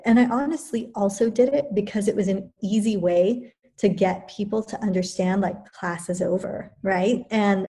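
A woman who teaches yoga, talking thoughtfully in a relaxed conversation, pausing and restarting as she works through her points. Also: medium pitch. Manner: thoughtful, many restarts and fillers. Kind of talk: reflective conversational talk.

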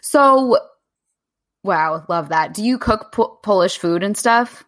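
A woman hosting a podcast, chatting casually with enthusiasm and quick asides. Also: mid-range voice, expressive, a bit bright. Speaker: podcast host.

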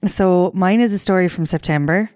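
A young woman chats on a podcast in a slightly low voice, recorded close and dry. She is playful and loose, laughs easily and swears without a second thought. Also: normal speed, darkish tone, no echo. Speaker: podcast co-host. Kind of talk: casual chat.

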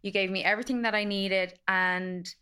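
Woman in her 30s hosting a podcast, bright sharp voice, chatty, says like a lot. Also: medium pitch, fairly even intonation, moderate pace, clean tone. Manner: chatty, lots of fillers, many agreeing yeahs. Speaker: podcast host. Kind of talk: casual podcast chat.

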